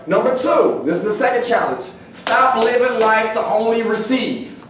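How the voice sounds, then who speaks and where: A man's voice: extremely high pitch, normal speed, fairly bright tone, a little hiss or hum. A man giving a motivational seminar talk in a large gym, preaching and leading the room in call-and-response chants. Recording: echoey gym, from far off.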